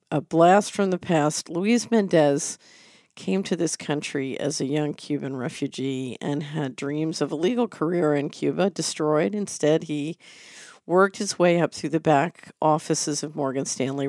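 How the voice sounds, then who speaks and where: A man's voice: on the high side, fairly even intonation, a little slow, darkish tone, no room sound, studio quality. A man hosting a solo commentary on markets and politics, with an earnest, pointed delivery. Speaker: host.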